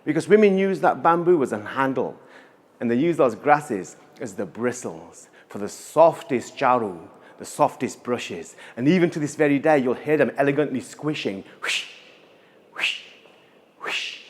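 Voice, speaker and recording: A man's voice: medium pitch, lively intonation, moderate pace. A man telling a folktale live at a museum event, dramatic, with rhythmic repetition and spoken sound effects. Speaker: storyteller.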